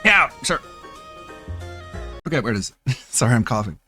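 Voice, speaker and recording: A man's voice: medium pitch, very animated, moderate pace, sharp tone, faint music behind. A man streaming, reacting to clips with sarcastic, mocking commentary and frequent laughs.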